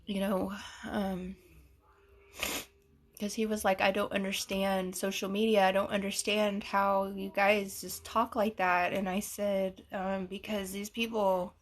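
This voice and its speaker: A woman's voice: mid-range voice, a bit bright. A woman, hosting a casual livestream, reading comments aloud in a chatty, giggly, gushing way. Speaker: livestream host.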